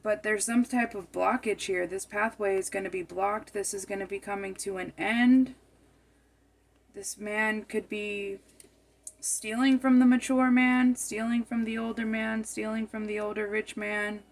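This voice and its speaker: A woman's voice: mid-range voice, steady tone, unhurried. A woman giving a tarot card reading, musing aloud and often repeating and rephrasing her phrases as she goes.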